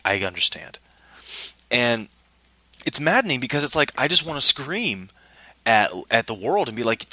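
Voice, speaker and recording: A man's voice: on the low side, pushed and bright, dry recording. A man telling a personal work story in a casual monologue, frustrated and indignant, acting out the dialogue he quotes.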